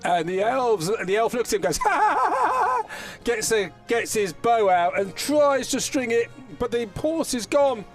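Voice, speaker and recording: A man with a high voice runs a tabletop game as game master, narrating in a rambling way and often correcting himself mid-sentence. Faint music plays underneath. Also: moderate pace, hardly any pauses. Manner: rambling, self-correcting narration with frequent restarts.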